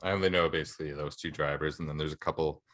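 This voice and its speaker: A man's voice: extremely low pitch, fairly even intonation, rapid-fire, a bit bright. A young man, co-hosting a podcast in casual, rambling chat full of fillers. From Canada. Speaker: podcast co-host.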